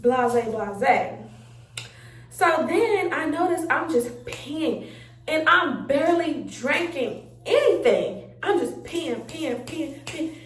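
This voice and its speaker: A young woman, telling a story in an animated, chatty way and acting out her own reactions. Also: sits high, takes it slowly. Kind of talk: casual storytime chat. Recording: roomy sound, mic a bit far off.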